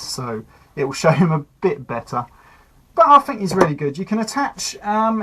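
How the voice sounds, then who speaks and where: A man talks his way through a hands-on toy review in an easygoing, chatty manner. His voice has a husky, slightly rough texture, and his pitch sits at an ordinary middle level. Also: fairly bright tone, low-quality recording. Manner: chatty and easygoing, narrating while fiddling with a toy.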